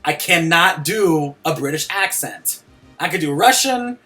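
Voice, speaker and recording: A man's voice: a little high, animated, unhurried, sharp tone, faint music behind. A young man casually commenting while he streams a game, joking around and laughing often.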